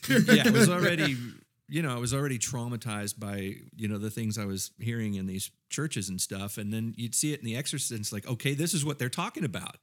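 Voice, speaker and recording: Male panelist, low voice, chatty and meandering, restarts a lot; from the American South. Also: expressive, brisk. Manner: rambling with many fillers and restarts. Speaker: podcast panelist. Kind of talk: casual chat.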